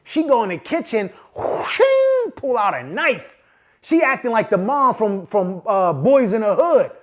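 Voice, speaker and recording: A man in his forties from Pittsburgh spins a comedic personal tale in loose street slang, his fairly high voice leaping all over the place. He talks straight to the listener with constant asides and acts out the people in his story. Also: big pitch swings, moderate pace. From Pittsburgh, USA. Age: 40s. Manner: frequent asides of "you know what I'm saying". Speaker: podcast host.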